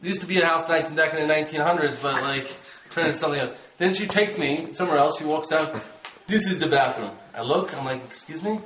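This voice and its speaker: A man casually telling the story of his trip, animated and laughing, acting out his own exclamations. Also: a little high, racing, echoey room, background noise. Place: rented room.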